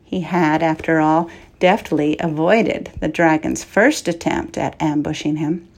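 A woman narrating a fantasy storybook in a measured, even manner. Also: deep voice. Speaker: audiobook narrator.

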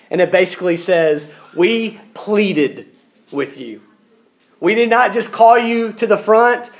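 A man preaching a sermon in an earnest, pleading manner, often repeating words as he starts a thought. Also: fairly high pitch.

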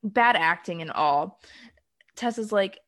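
A woman's voice: medium pitch, animated, slow, fairly bright tone. A woman co-hosting a casual chat, recapping a film plot with frequent ums and laughs. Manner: laughs often, many ums. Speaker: podcast co-host.

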